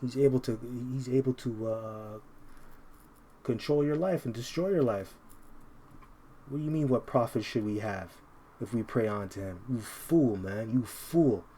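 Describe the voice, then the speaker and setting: A man giving an informal, combative scripture commentary. He reads verses slowly and keeps tacking "man" onto his lines. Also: mid-range voice, dark tone, slight background noise. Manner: combative, repeats "man" constantly. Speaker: Bible teacher.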